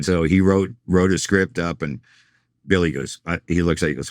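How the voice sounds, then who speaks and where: A middle-aged man with a very deep voice tells road stories at a relaxed, rambling pace. He slips into quoted lines as he goes. The sound is close and dry. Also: brisk, no echo. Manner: rambling anecdotal storyteller, acts out quoted lines. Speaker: tour manager and guest. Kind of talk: casual storytelling interview.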